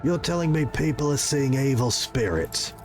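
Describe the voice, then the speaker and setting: A man's voice: medium pitch, expressive, a little mellow, soft background music. A man streaming a role-playing game live, reacting casually and swearing freely. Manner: casual, profane, quick reactions.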